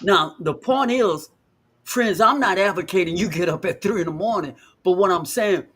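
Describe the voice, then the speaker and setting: Man, fairly high voice, emphatic live talk show host. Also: normal speed, fairly bright tone, slightly rough. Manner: emphatic, preacherly stress on words.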